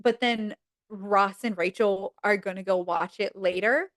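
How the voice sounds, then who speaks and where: A woman on a podcast casually retelling TV episodes with lots of fillers, jumping high in pitch to act out each character's lines. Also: fairly even intonation, a little slow, fairly bright tone, no room sound. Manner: frequent fillers like "um" and "like". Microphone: podcast mic.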